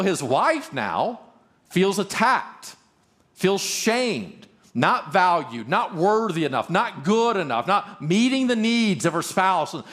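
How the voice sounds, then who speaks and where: A man speaking at a marriage conference, animated, acting out both spouses in quoted lines and restarting words quickly. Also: sits high.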